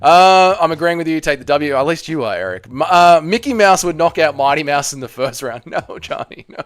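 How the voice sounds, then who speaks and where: A young man hosting a live watch-party stream, arguing with his chat in a heated, profane rant. His pitch sits a bit high and swings widely as he gets worked up. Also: lively intonation, a little fast, clean tone. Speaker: streamer host.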